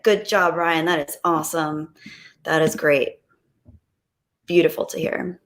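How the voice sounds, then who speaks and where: Reflective woman streaming, slightly low voice. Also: flat delivery, takes it slowly, pauses often, fairly bright tone. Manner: reflective, rambling, frequent ums. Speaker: live streamer. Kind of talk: casual live-stream chat.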